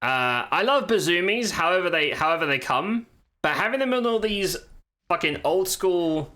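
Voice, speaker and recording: Animated swearing gaming streamer man. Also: high-pitched, moderate pace. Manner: swearing, exclaiming, chatting to viewers. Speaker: game streamer. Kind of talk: live gameplay commentary. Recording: game music underneath. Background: faint game music.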